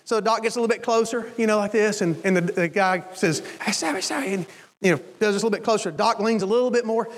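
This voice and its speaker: A male preacher telling a long personal story in a sermon, animated and acting out the voices of the people in it. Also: high voice, quick pace, few pauses. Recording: long hall reverb.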